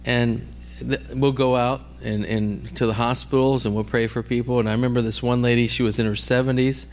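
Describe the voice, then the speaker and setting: Guy preaching like he's just chatting, keeps going "all right?", repeats himself a bit, average pitch. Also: little pitch movement, fairly quick, a little hiss or hum. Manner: checks in often with "all right?" and "amen?"; repeats and restarts words while telling stories. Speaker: preacher teaching on healing ministry. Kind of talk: conversational sermon with storytelling.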